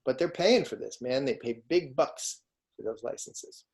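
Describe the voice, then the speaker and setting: A man's voice: medium pitch, lively intonation, moderate pace, darkish tone. Conversational man lecturing over video call. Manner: conversational, asks students frequent questions. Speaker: law lecturer. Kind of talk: online lecture.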